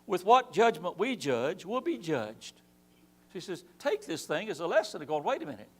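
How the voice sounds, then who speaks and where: Lively high-voiced man teaching Bible class. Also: normal speed. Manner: animated preaching with rhetorical questions and acted-out quotes. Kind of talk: church Bible class lesson. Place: church.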